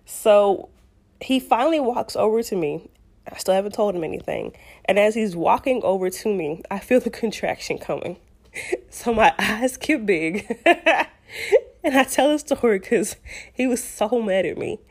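Young woman, casual storyteller, chatty and animated, very lively pitch. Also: moderate pace. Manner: chatty, animated, laughing asides.

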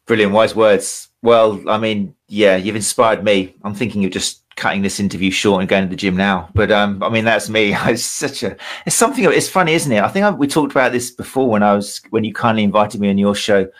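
A middle-aged man hosting a podcast interview, chatty and quick to laugh. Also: lowish voice. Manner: chatty, laughs easily, drawn-out phrasing. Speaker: podcast host.

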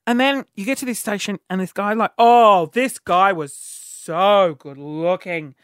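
A man's voice: high-pitched, unhurried, fairly bright tone, clean tone, no echo, clean studio sound. A man hosting a solo podcast, telling a story in a cheeky, rambling way full of fillers and restarts. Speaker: podcast host.

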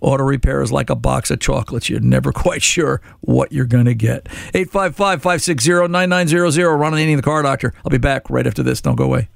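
A man's voice: mid-range voice, quick pace, gravelly, hardly any pauses, no room sound. A man hosting a car repair radio show, telling a story in a chatty, exasperated way and often repeating words. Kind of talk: radio call-in talk, storytelling.

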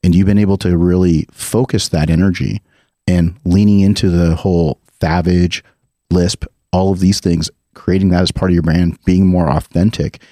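A man's voice: low voice, steady tone, moderate pace, mellow, dry recording, studio quality. A man hosting a podcast, asking questions in an earnest, reflective, motivational way. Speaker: podcast host. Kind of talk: casual podcast interview.

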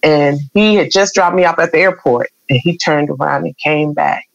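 A woman's voice: sits low, moderate pace, creaky, dry recording, lo-fi sound. A middle-aged woman, earnestly telling an emotional personal story as an interview guest. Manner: emotional, earnest, acts out quoted voices.

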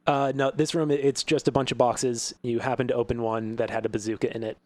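A man's voice: medium pitch, level tone, fast talker, a little mellow, no room sound. A man narrating as game master of a tabletop game, describing scenes loosely with fillers and frequent chuckles.

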